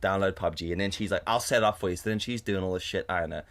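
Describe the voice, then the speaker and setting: Animated, swearing podcast co-host man. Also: sits low, fast. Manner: animated, swears often, mimics his partner in a raised voice. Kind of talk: casual storytelling chat. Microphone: condenser studio mic.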